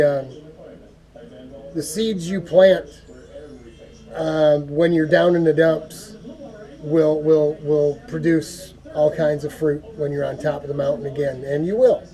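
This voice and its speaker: A man giving an earnest, folksy prayer talk to camera, halting and repeating words as he goes. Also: fairly high pitch, warm tone. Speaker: go-kart hobby vlogger.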